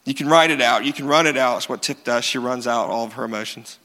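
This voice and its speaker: A man preaching a sermon, animated and self-mocking, with emphatic repeats. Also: mid-range voice, fast talker. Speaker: pastor. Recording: reverberant hall.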